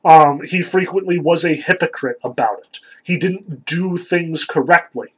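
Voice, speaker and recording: A man lecturing on a literary text, pausing with ums and likes as he works through his points. His voice sits a little high and has a husky edge. He talks in a thoughtful, explanatory way. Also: low-quality recording. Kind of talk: lecture reading and analyzing a text.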